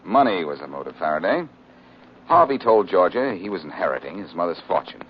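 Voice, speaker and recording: An actor playing a wry, wisecracking detective who is cool and charming, in 1940s radio acting. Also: male voice, low-pitched, sing-song, brisk, slight background noise. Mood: confident. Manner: wry, smooth, quipping. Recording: lo-fi old radio recording.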